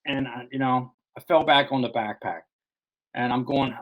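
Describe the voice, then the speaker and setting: A man's voice: mid-range voice, normal speed, dull audio. Guy telling his own story in an interview, lots of you know and restarts, rambly. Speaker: author guest. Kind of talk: recounting a personal story in an interview.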